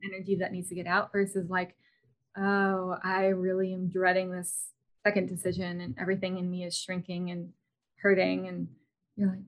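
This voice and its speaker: A woman's voice: on the low side, completely flat delivery, normal speed. A woman in her thirties hosting a podcast, talking casually with lots of fillers and restarts. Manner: chatty, many fillers and restarts. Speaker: podcast host. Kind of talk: casual interview chat.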